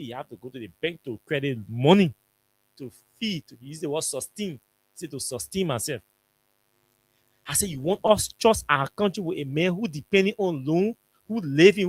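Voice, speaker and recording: A man with a Liberian English accent hosts a radio talk show from the studio, telling a story in a colloquial, emphatic style that keeps repeating its points. His voice sits on the high side and sounds a bit bright, with no echo.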